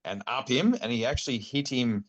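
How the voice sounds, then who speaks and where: A middle-aged man with an Australian accent, a podcast guest telling hunting stories in a laid-back, animated way, slipping into the voices of his mates. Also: medium pitch, fairly quick, muffled recording. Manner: animated yarn-spinning, acts out quotes, laid-back slang. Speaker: podcast guest, bowhunting club chairman. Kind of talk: casual storytelling interview.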